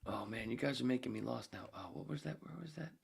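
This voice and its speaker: A podcast host rambles through a joke in a casual monologue, swearing freely and chuckling at himself. He talks fast in a medium-pitched, husky voice with vocal fry.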